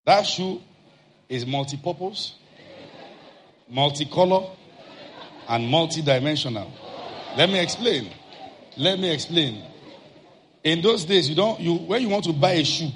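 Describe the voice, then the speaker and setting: A man preaching, telling a personal story in an animated way and acting out shouted outbursts. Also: a little high.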